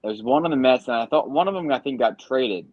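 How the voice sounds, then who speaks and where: A man's voice: medium pitch, lively intonation, fairly quick, no echo, highs cut off. A man co-hosting a sports podcast in casual chat, talking loosely with frequent ums and trailing thoughts. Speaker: podcast co-host.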